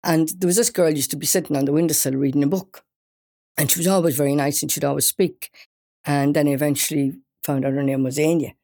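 An older woman from Wales, a guest singer, telling an anecdote in a casual interview, animated and often laughing. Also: low-pitched, quick pace. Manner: animated storyteller, laughs often, restarts mid-sentence.

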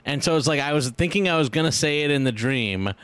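A man's voice: a little high, fast talker, smooth, dry recording. A man co-hosting a casual chat, telling stories with dry, sardonic humor. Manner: dry, sardonic, lively storytelling. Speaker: podcast co-host.

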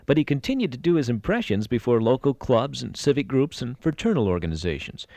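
Lively, dry-miked male narrator. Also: medium pitch, fast, vocal fry, no room sound. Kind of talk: scripted narration.

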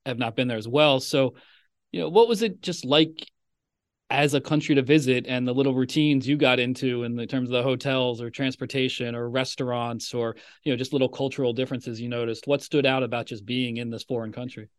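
A man's voice: mid-range voice, a little fast, no room sound, clean studio sound. A man co-hosting a podcast, asking a long casual question with fillers. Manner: relaxed, rambling question with fillers. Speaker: podcast co-host.

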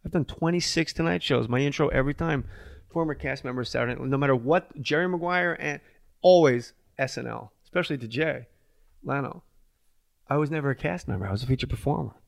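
A man's voice: medium pitch, quick pace, gravelly, no room sound, studio quality. A middle-aged man from New Jersey, a comedian guest, telling a long story and acting out the voices of the people in it. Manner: acts out voices in his stories, swears freely. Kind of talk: animated storytelling.

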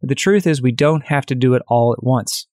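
Energetic male podcast host, dry sound. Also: medium pitch, a little fast, no room sound. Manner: energetic, direct, conversational. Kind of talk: solo podcast storytelling.

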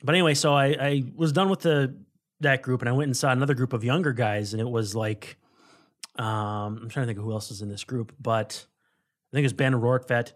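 Podcast co-host, male, digressive casual sports talk, mid-pitched voice. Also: fairly even intonation, fairly quick. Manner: rambling, digressive, self-correcting.

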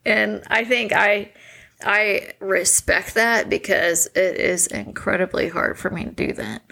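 A woman's voice: mid-range voice, a little slow, creaky, pushed and bright. A woman in her forties co-hosting a couple's podcast, candid and laughing often as she acts out quotes in casual chat. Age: 40s. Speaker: podcast co-host.

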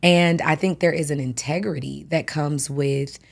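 Husky low-voiced woman hosting a chat. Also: normal speed. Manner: animated storytelling, acts out quotes, laughs often. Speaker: podcast host. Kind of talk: casual chat.

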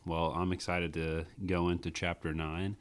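Male podcast host, very deep voice, earnest and rambling. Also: level tone, moderate pace, clear, resonant tone. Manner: earnest, many fillers and restarts. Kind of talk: casual faith discussion chat.

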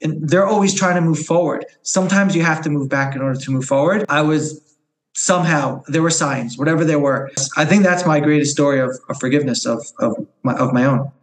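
A man in his forties from New York, speaking as a podcast guest in a fairly high voice. He tells a personal story earnestly and candidly. He often doubles back on his words as he finds them. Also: brisk, reverberant, poor audio.

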